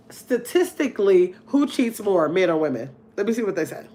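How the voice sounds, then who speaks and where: Hosting a relaxed game-night livestream, this middle-aged woman has a warm, mid-range voice that is very animated, at normal speed with hardly any pauses. She's chatty and laughs a lot, reading out viewer comments and addressing her audience directly.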